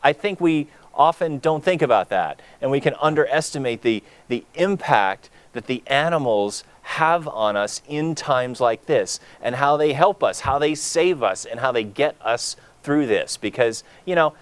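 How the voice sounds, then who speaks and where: A man's voice: medium pitch, animated, a little slow, few pauses, clean tone, dry recording. A man co-hosting a charity gala, earnest and rambling, with many fillers. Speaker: gala co-host. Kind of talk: heartfelt live co-hosting.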